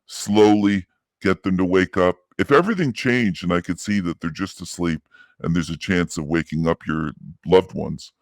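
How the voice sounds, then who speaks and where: A man giving a reflective, measured commentary monologue in an earnest, explaining tone. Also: low-pitched, dry recording, clean studio sound.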